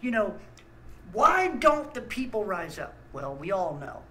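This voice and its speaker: A man's voice: high voice, big pitch swings, unhurried, noisy background. A man, host of a small ministry channel, ranting angrily with blunt talk and stammered restarts. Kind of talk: angry ranting monologue.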